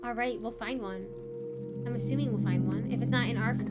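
A woman streaming live gameplay, excitable, gasping often and swearing in delight as she plays. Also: on the high side, brisk. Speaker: gaming streamer. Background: game music.

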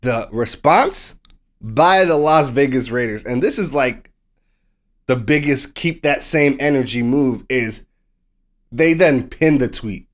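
Animated man telling a story. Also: medium pitch, takes it slowly. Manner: animated storytelling, acts out quoted people. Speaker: podcast co-host. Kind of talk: casual sports podcast chat.

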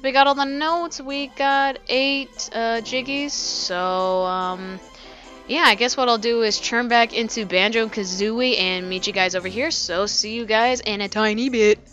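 A woman's voice: a little high, unhurried, a bit bright, lo-fi sound, soft background music. Rambling casual woman gamer. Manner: rambling, filler-heavy, swears casually. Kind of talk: casual let's play commentary.

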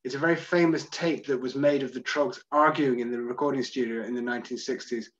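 A man's voice: medium pitch, steady tone, quick pace, muffled recording. A man hosting a virtual tour, chatting through audience comments one by one and owning up when he is unsure. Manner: chatty, self-deprecating, answers comments one by one. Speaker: tour guide. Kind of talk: live Q&A reading audience comments.

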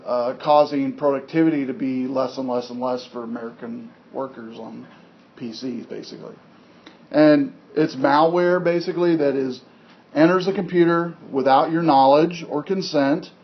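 Rambling Southern-accented man lecturing. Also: medium pitch. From Missouri. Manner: rambling, with many fillers and restarts. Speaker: instructor. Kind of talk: casual classroom lecture. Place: classroom. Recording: dull lo-fi classroom recording with faint hiss.

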